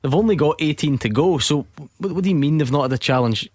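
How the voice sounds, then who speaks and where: A man's voice: on the high side, lively intonation, quick pace, darkish tone, no room sound. A man hosting a radio phone-in, questioning callers in a dry, incredulous way.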